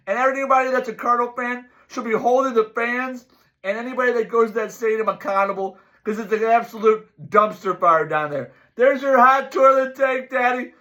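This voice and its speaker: A middle-aged man hosts a fan sports show with a notably high, bright voice. He rants emphatically and keeps circling back to the same catchphrases. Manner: emphatic, repeats "my, oh, my" and "folks". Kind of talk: ranting sports commentary.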